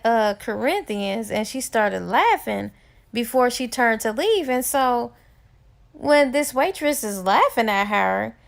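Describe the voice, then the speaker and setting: Chatty woman recapping a book. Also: high-pitched. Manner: chatty, with many "like" and "um" fillers. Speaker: book reviewer.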